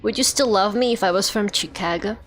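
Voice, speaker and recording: A woman's voice: medium pitch, fairly quick, a little hiss or hum. A young woman from Russia streaming a game, talking casually and chattily with lots of fillers and frequent laughter. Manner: chatty, rambling, filler-heavy, laughs often. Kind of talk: casual gameplay chat.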